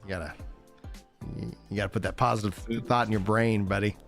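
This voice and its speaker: A man in his thirties hosts a livestream with soft music in the background, speaking fairly quickly in a steady, creaky, lowish voice. His casual chat rambles, packed with fillers and frequent laughter.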